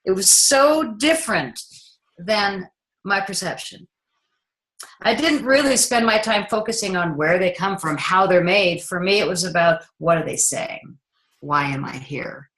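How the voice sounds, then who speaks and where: A middle-aged woman telling a story in an interview. She is animated and acts out each line of dialogue, at a medium pitch for a woman. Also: unhurried, poor audio. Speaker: filmmaker.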